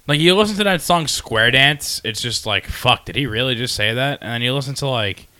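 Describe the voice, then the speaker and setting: A young man in a casual podcast chat, chatty and swearing, slipping into quick impressions while he tells stories. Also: mid-range voice, expressive, bright, forceful tone. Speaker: podcast co-host.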